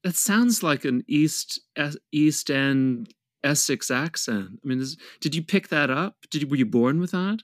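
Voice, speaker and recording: A man co-hosting a podcast in casual chat, teasing the guest with a deadpan joking manner. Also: fairly high pitch, measured pace, no room sound, clean studio sound. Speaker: podcast co-host.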